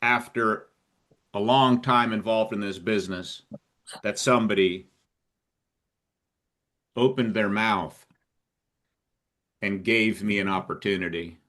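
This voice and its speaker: A man's voice: lowish voice, steady tone, slow, long pauses, fairly bright tone. An older man speaking earnestly and reflectively in a casual group talk. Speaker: trainer.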